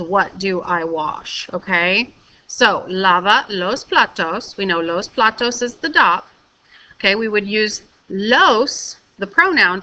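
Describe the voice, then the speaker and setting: A woman teaches a recorded video lesson in a bright, clear voice. She walks through each step carefully and keeps checking in with a quick "okay?". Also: mid-range voice, low-quality recording. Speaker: Spanish teacher.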